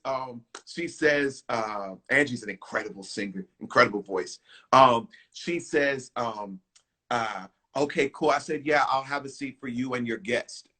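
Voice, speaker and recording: A man from Houston, a singer, telling a lively story in an interview, acting out what people said and breaking into song. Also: medium pitch. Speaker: guest singer.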